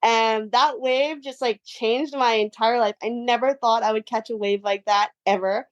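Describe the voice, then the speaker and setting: High-voiced, bubbly young woman from Hawaii. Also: moderate pace, lo-fi sound. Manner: animated, bubbly, heavy use of "like". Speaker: guest, pro surfer. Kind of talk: casual storytelling.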